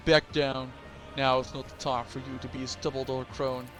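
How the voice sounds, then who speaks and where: A man's voice: medium pitch, flat delivery, moderate pace, fairly bright tone, faint music behind, lightly acted. A man voicing a brash, pushy worker in a game. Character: tall blunt male dock worker.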